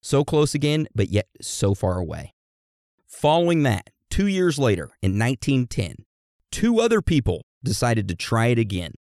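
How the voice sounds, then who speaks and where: A man's voice: mid-range voice, very animated, normal speed, a little mellow, dry recording, clean studio sound. A man hosting a podcast, telling history in a casual, joking, profane way. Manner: addresses co-host like a teacher. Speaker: podcast host.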